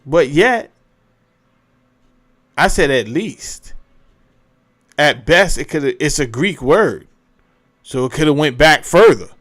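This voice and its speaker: A man hosts a casual commentary, his voice sitting a little high. He rambles and keeps breaking off his own sentences. He thinks out loud while he looks things up. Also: animated, slow pace, pauses often. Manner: rambling, self-interrupting, thinking aloud. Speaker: host.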